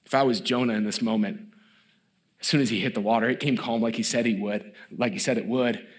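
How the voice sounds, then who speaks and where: A middle-aged man preaching a sermon as pastor, who acts out the story's characters in a lively way and turns soft and hushed when he stresses mercy. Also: mid-range voice, a little fast. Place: church.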